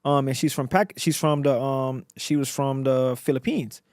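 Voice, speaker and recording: A man from Africa, appearing as a guest entrepreneur on a casual podcast interview, tells stories in a slangy, animated style with plenty of repetition. His voice is medium-pitched at normal speed, recorded with clean studio sound and no room sound.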